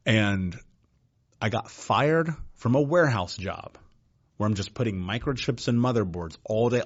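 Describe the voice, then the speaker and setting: Man, podcast guest, low voice, blunt profane storytelling, muffled audio. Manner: blunt, profane, says "dude" often. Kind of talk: casual personal storytelling.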